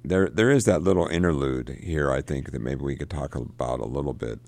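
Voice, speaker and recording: A man discussing a novel in casual talk, halting with many restarts and fillers, now and then reading passages aloud. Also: rumbling low, gravelly, darkish tone. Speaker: literature discussant.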